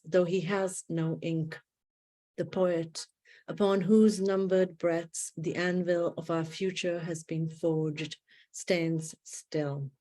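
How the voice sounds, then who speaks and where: Slow, mellow-voiced woman reading poetry. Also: lowish voice. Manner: measured, deliberate phrasing with long pauses. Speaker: poet reading her work. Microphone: video call setup.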